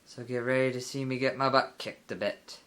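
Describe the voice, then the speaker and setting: A man's voice: mid-range voice, steady tone, fairly quick. A young man giving casual, rambling commentary over a video game, full of fillers and playful asides. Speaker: let's play gamer. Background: loud game music.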